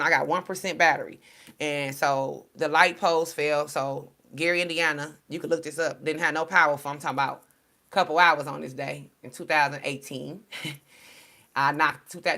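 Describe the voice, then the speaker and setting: Blunt, bright-voiced woman telling stories. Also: low voice. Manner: blunt, emotional, animated storytelling with swearing. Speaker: spiritual reader. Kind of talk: casual spiritual talk.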